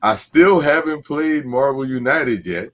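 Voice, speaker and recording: A man joins a live online show as a guest. His voice is middle-pitched, and he talks in an easygoing, halting way as he thinks aloud. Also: animated. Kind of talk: casual chat on a live stream.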